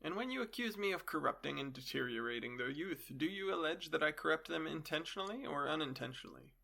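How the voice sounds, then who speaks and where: A man's voice: on the high side, expressive, fast talker, gravelly, sharp tone, full character voice. A man voicing an elderly male philosopher on trial, questioning his accuser with dry irony. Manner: questioning, dryly ironic.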